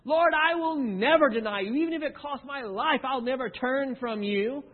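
A preacher acting out an eager, impulsive disciple. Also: male voice, very high voice, moderate pace, in a large hall, phone-quality sound, pitched above the performer's own voice. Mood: vowing.

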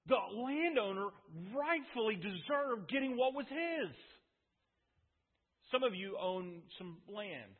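A man's voice: sits high, breathy edge. A male pastor preaching an earnest, emphatic sermon in a church, repeating his points. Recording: tinny, echoey church hall.

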